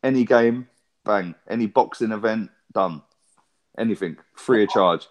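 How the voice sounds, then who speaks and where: A man, swearing and telling a long story in a casual podcast chat. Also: on the low side. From England. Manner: swearing, storytelling with rapid back-and-forth. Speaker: podcast co-host.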